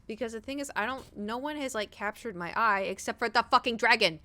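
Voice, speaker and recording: A woman with a higher-pitched, brisk delivery streams a game while chatting casually. She swears freely and rambles through lively stories.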